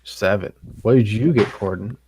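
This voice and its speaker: A man narrating as game master in a tabletop game, describing the scene in a steady, matter-of-fact way. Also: fairly low pitch, normal speed, slightly rough, dry recording.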